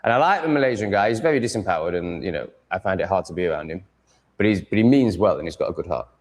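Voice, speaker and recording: A man's voice: low voice, animated, fast. A man vlogging at home, swearing a lot as he rants in a casual, exasperated monologue. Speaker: vlogger setting up a live stream.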